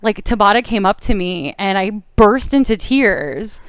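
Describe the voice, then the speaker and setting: A woman guest on an interview podcast, telling animated stories in casual chat and laughing often. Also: medium pitch, measured pace, clean tone, no room sound. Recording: dull lo-fi sound.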